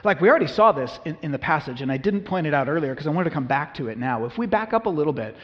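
A man's voice: fairly high pitch, expressive, rapid-fire. A male pastor preaching a conversational sermon, acting out biblical dialogue with humor. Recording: reverberant hall, dull lo-fi sound.

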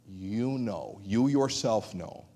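Male pastor, sermon, low-pitched voice, earnest, hushed emphasis, animated quoted dialogue. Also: moderate pace.

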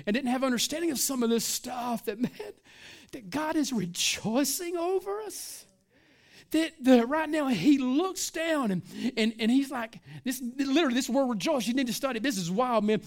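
Casual, emphatic middle-aged male preacher. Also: very high-pitched. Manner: casual, emphatic preaching with frequent "man" and "listen"; swings between hushed and loud, stretching key words. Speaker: pastor. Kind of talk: sermon.

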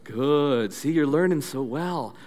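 A male pastor giving an interactive sermon through animated storytelling, leading the audience in call-and-response drills. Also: fairly high pitch, slow pace. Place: church. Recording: long church reverb.

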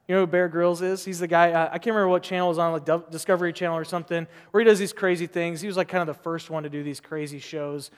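A male pastor preaches in a loose, conversational style, asking question after question. His voice sits notably high. It rings out with a long reverb, as in a large hall. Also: little pitch movement, rapid-fire, few pauses, smooth. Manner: conversational, rambling with asides and rhetorical questions. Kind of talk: sermon.

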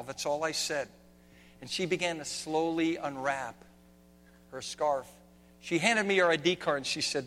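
Guy preaching, higher voice, goes from quiet to yelling, big echoey hall w faint hum. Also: normal speed. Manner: dramatic, swinging from quiet to shouting. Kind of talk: sermon.

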